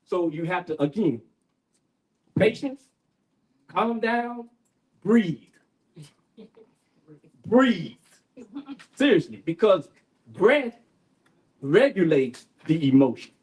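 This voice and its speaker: An older man speaks at a community panel in a folksy, preacher-like way. His voice sits fairly high for a man, and he keeps tossing in "right?" to hold the room. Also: sing-song, slow pace, pauses often, low-quality recording. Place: bookshop event room.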